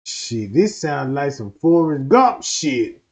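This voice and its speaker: A man's voice: mid-range voice, big pitch swings, slow pace, darkish tone. A man doing rowdy, profane comedic commentary on a stream.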